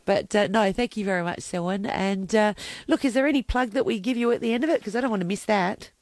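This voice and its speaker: A woman's voice: medium pitch, quick pace, a little mellow, no echo. An Australian woman hosts a radio phone interview in a chatty, jokey way. Her voice sits in a middle range and the sound is dry and close. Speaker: radio host.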